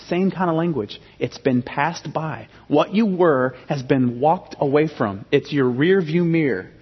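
A man in his thirties preaching a sermon as pastor, emphatic and animated, often restarting his phrases. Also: fairly high pitch, measured pace, few pauses, husky. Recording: dull sound with long hall reverb.

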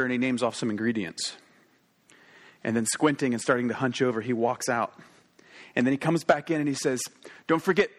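Male preacher, thirties, mid-range voice; tells stories casually, then slows down hard on key lines. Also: medium pitch, a bit bright. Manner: conversational, swings between quick asides and slow emphatic pauses. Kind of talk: sermon storytelling.

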